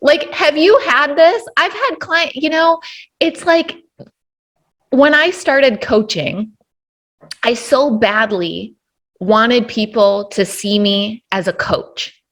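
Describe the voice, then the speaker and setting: A woman's voice: fairly high pitch, slow, a bit bright. A woman hosting a casual podcast interview, enthusiastic and affirming, laughing often. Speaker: podcast host.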